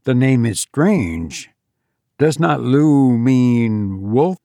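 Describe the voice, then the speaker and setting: Male reader voicing a nervous, polite young swordsman; storybook. Slow, slightly gravelly, dry. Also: medium pitch, expressive, mellow, dry recording. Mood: uneasy. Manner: polite archaic phrasing, a little raised.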